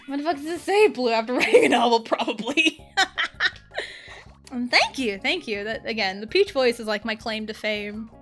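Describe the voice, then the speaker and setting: A woman's voice: on the high side, lively intonation, moderate pace, fairly bright tone. A young woman streaming a video game, chatting casually, giggling and joking about herself. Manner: giggly, self-mocking. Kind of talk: casual gaming livestream chat. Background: faint game music.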